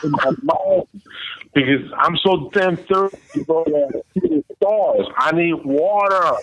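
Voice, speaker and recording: A man who is a podcast guest, telling a story in casual chat with slow, dramatic delivery that trails off. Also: a little high, very animated, a bit bright, poor audio. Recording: faint background noise.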